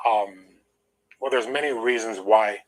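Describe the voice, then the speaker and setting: A man's voice: lowish voice, unhurried, low-quality recording. Older man telling an emphatic story. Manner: emphatic, aggrieved, holds back emotion. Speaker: interview guest. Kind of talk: storytelling in an interview.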